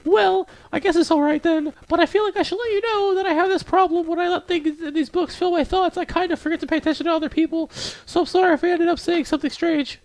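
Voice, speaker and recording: A man voicing a shy, bookish teenage girl in a high falsetto, hesitant and apologetic, in a visual novel read-aloud. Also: steady tone, fast talker, few pauses, no echo. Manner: hesitant, stammering, rambles then apologizes.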